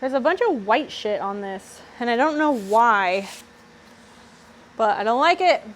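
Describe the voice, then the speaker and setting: A woman from Australia streams live from her workshop, chatting loosely with her viewers and swearing freely as she goes. Her voice sits on the higher side, with a faint hiss of noise behind it. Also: lively intonation, a little slow, low-quality recording. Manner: chatty, swears freely, reads and answers chat. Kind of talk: casual live-stream chat.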